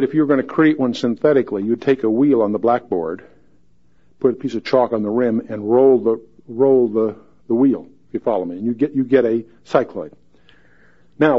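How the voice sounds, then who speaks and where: A man in the middle of the usual pitch range gives a folksy, joking Bible teaching and reads each verse aloud with rising emphasis. The recording sounds slightly dull and lo-fi, like a home podcast.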